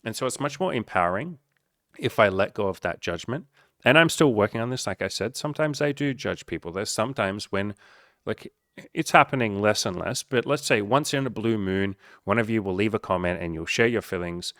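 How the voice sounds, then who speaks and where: Blunt, profane young coach with a deep voice. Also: male voice, expressive, brisk, fairly bright tone, no room sound, studio quality. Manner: blunt and profane, earnest and encouraging. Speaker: dating and life coach. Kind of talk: casual direct-to-camera talk.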